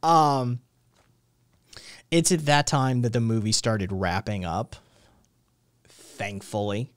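A man's voice: mid-range voice, fairly even intonation, slow pace, no echo, studio quality. A young adult man hosting a stream, ranting casually with lots of swearing and rambling restarts. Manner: profane, rambling, exasperated. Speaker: stream host.

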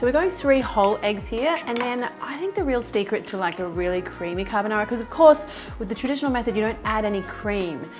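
A woman's voice: mid-range voice, lively intonation, fast talker, music in the background. Chatty woman hosting a cooking demo. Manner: chatty and enthusiastic, talks straight to viewers; laughs easily. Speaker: cooking show host. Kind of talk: cooking demonstration.

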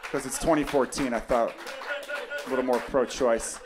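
A young adult man doing a stand-up comedy set, ranting loudly toward his punchlines while the audience laughs. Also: medium pitch, steady tone, normal speed. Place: comedy club stage. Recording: live club recording with crowd noise.

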